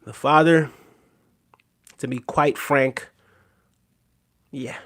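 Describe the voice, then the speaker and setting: A man's voice: mid-range voice, fairly even intonation, drawn-out words, a bit bright. Rambling man hosting a casual livestream. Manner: repeats himself, asks "right?" often, many fillers. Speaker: livestream host reading viewer comments.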